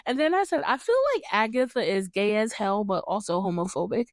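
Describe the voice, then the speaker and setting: A woman's voice: medium pitch, sing-song, fairly quick, no echo, clean studio sound. A young woman from New York hosting a podcast, chatting casually and animatedly, laughing often and swearing freely. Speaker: podcast host. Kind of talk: casual chat.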